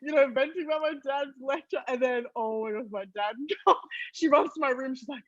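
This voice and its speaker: A young woman from Australia, a guest on an interview podcast, telling family stories in an animated way and laughing often. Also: sits high, brisk, no room sound, lo-fi sound. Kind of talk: casual storytelling interview.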